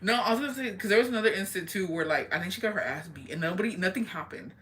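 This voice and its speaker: A young woman telling a story in casual chat, swearing constantly and talking in an animated way. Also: medium pitch, very fast, a little hiss or hum. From rural area.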